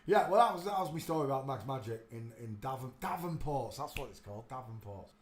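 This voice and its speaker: A man hosting a casual livestream, rambling to himself as he browses pictures and turning loud and animated when he tells a story. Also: mid-range voice, quick pace. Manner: rambling, talks to himself while searching pictures; gets loud and animated telling stories. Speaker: livestream host. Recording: roomy echo with faint ambience.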